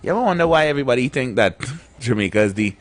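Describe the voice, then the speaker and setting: A man's voice: mid-range voice, expressive, fast talker, soft background music. A man co-hosting a casual radio chat, talking in a chatty, rambling way with many repeated words. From Trinidad and Tobago. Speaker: radio show co-host.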